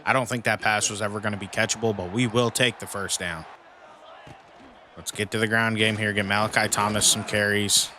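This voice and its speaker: Brief: male gaming commentator, bright forceful voice, lower-pitched, exasperated running play-by-play, faint background noise. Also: fairly even intonation, fairly quick. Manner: frustrated, venting at his team with mild cussing. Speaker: gaming YouTuber playing a football dynasty mode. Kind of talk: casual gameplay commentary.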